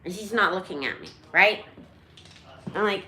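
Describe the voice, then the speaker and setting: A woman's voice: medium pitch, expressive, moderate pace, sharp tone. A middle-aged woman hosting a parrot rescue channel, telling a story at home in a dramatic, emotional, rambling way with many restarts. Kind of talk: casual storytelling to camera. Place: at home, indoors. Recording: echoey room.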